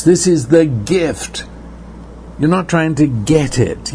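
A man preaching a sermon in an earnest way, repeating words and slowing down for emphasis. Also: a little high, a little mellow, slight background noise.

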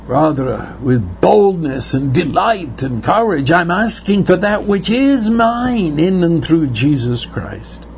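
Male preacher, slow and deliberate, earnest sermon delivery, slightly higher-pitched voice. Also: sing-song, vocal fry, slight background noise. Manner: earnest, repeats words, slows for emphasis.

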